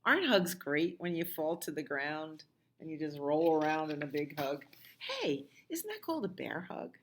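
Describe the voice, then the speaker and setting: A woman's voice: low voice, very animated, moderate pace. A middle-aged woman, a children's librarian, reading a picture book aloud and singing songs, with chatty asides to the listening children. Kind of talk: storytime read-aloud and singing.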